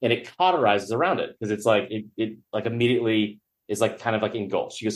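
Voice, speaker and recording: Talking at a quick pace, a man who works in sports media spins a lengthy yarn as a guest on a podcast. He voices the people in the story with sudden pitch shifts and keeps it profane and jokey.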